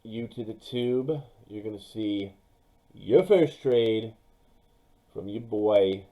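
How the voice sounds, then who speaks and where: A young man with a low, mellow voice talks through his football mock draft at an unhurried pace. He addresses his viewers directly and casually, and his voice jumps up when he gets excited about a pick. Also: rough recording. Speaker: sports YouTuber.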